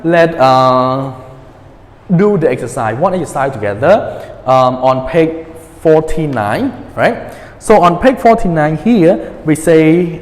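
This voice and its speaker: A male teacher in a pronunciation lesson, patiently repeating words and checking in with his students. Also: a little high. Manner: patient, repeats words slowly, many fillers and checks like "okay?". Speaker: English teacher. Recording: echoey room with long reverb.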